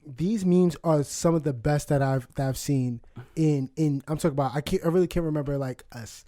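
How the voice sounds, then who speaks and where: A man in his twenties with a slightly high voice chats casually on a podcast, stumbling through restarts and breaking into laughter. The recording is dry and close. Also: fairly quick, dark tone, no echo. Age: 20s. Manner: laughing, rambling with many restarts and fillers. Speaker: podcast co-host. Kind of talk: casual chat.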